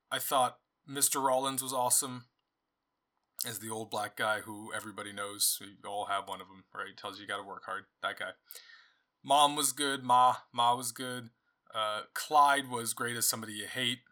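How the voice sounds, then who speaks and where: A man's voice: medium pitch, sharp tone. A man hosting a book club podcast, talking casually through his thoughts on a novel with frequent restarts and asides. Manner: conversational, thinking aloud with many restarts and asides. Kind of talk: casual solo book review.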